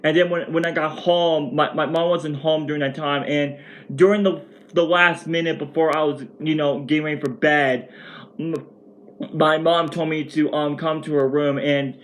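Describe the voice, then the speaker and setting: A man in his twenties telling a rambling, excitable storytime rant at home for his vlog, restarting his sentences often. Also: a little high, moderate pace. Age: 20s. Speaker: vlogger.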